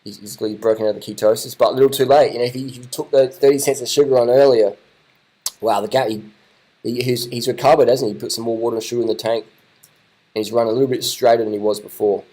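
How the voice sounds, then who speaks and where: A man giving casual, excited commentary over race footage, repeating his phrases and swearing now and then. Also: medium pitch, fast.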